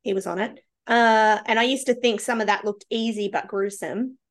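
A woman's voice: medium pitch, steady tone, moderate pace. Chatty Australian woman thinking aloud. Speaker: podcast guest. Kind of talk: casual podcast chat.

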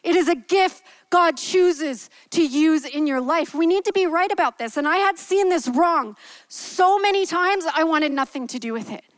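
A woman preaching a sermon in a candid, gentle way, telling a personal story. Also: extremely high pitch, expressive, moderate pace, no echo, low-quality recording. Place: church.

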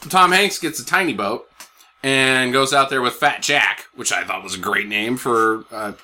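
A man's voice: moderate pace, sharp tone. A young man hosting a podcast, recapping a movie in casual, sarcastic, rambling chat with some swearing. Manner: sarcastic, rambling, swears, voice jumps high when worked up. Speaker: podcast host.

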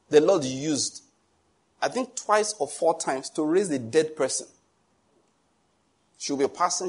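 A man's voice: on the high side, husky. A middle-aged male pastor preaching a sermon, telling stories with a jovial, teasing manner and frequent chuckles. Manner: teasing, animated asides.

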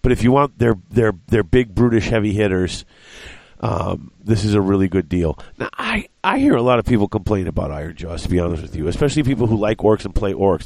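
A man with a lowish voice talks casually about his hobby, reasoning out loud and stopping to correct himself. The sound is dry and close, with no room echo. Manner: thinks aloud, corrects himself, works out prices.

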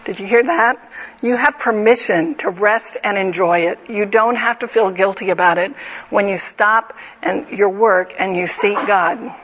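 A middle-aged woman teaches a Bible study in an earnest, conversational way, often turning to her listeners with direct questions. Her voice sits at an ordinary pitch for a woman. The recording is slightly dull and lo-fi. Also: a little slow, a bit bright, husky.

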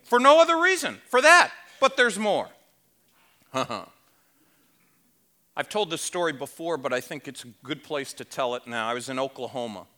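A man's voice: a little high, sing-song, normal speed, pauses often, pushed and bright. A man preaching a sermon at a conference, emphatic and conversational, with rhetorical questions and wry asides. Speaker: conference speaker.

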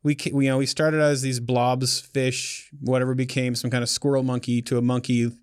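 A man's voice: mid-range voice, flat delivery, brisk, clear, resonant tone, dry recording, studio quality. A man talking as an author guest in a casual chat, loose and joking, with many restarts.

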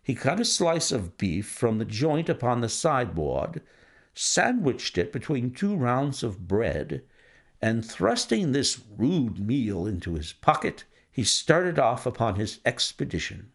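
Male narrator, classic story reading, gravelly timbre, lively melodic phrasing. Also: medium pitch, a little slow. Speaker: audiobook narrator. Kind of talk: scripted narration.

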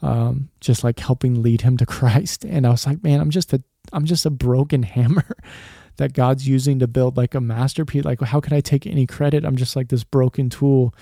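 A man's voice: mid-range voice, fairly even intonation, normal speed, creaky, dark tone, no room sound, clean studio sound. A man in his thirties hosting a faith podcast for dads, talking in an earnest, rambling way and dropping "man" often. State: choked up, emotional. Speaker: podcast host. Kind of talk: heartfelt podcast monologue.

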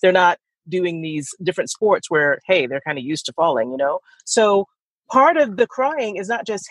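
A woman's voice: lowish voice, expressive, moderate pace, breathy edge, dry recording, rough recording. A woman co-hosting a podcast, talking thoughtfully in a loose, rambling way with restarts. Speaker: podcast co-host. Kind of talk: casual conversation.

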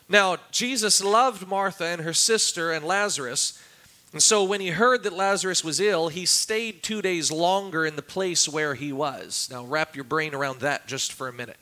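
A man's voice: on the high side, normal speed, pushed and bright. A man preaching a sermon as pastor, acting out quoted cries with a raised, dramatic voice. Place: church.

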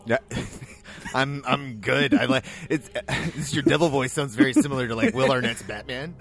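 A man hosting a movie podcast in relaxed casual chat, introducing the crew and laughing along. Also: medium pitch, moderate pace, gravelly. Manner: easygoing, laughs. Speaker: podcast host.

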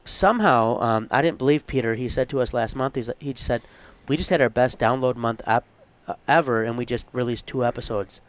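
A man's voice: mid-range voice, fairly quick, hardly any pauses. A man co-hosting a casual podcast as a college theology professor, talking in an earnest, conversational way with asides.

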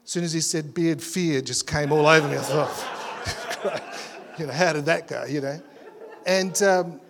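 A pastor preaching to his church, caught up in a story he tells with eager energy. His voice sits a little high for a man, and his sentences stumble and restart as he rushes on. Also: vocal fry, noisy background. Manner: animated storytelling with many restarts and stammers. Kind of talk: sermon.

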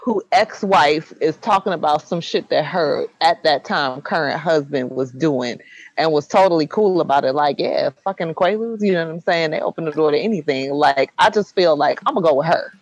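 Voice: medium pitch, moderate pace, no room sound, rough recording. A co-host in a casual chat, arguing opinions and often saying "you know what I'm saying".

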